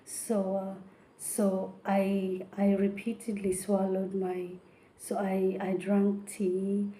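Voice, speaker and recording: A woman giving a casual spoken singing tutorial, halting with many fillers and restarts, some words slipping into a whisper. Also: mid-range voice, completely flat delivery, warm tone, slight background noise. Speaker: vocal technique presenter.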